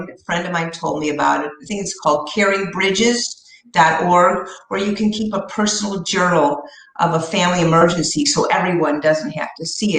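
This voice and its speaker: A woman's voice: on the low side, a bit bright. Earnest middle-aged woman in a roomy space. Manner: earnest, heartfelt, slows down for emphasis. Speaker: interview guest. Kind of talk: personal storytelling in an interview. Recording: roomy echo.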